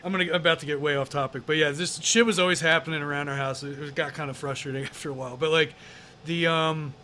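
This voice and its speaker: A man's voice: on the high side, fairly even intonation, fast, pushed and bright. A man as an interview guest, telling a story casually in a rambling way, with many fillers and some swearing.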